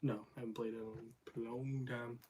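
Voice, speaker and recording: A man's voice: mid-range voice, level tone, a little fast, dark tone. Guy answering in short laconic bits, casual chat. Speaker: partner dropping into the stream. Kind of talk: casual conversation.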